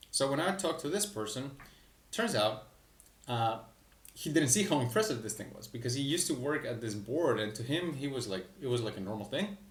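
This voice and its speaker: Man, candid business coach, roomy echo, off-mic distance. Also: medium pitch. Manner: candid, self-deprecating, quick asides. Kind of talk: casual talking-head explanation. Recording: echoey room, mic at a distance.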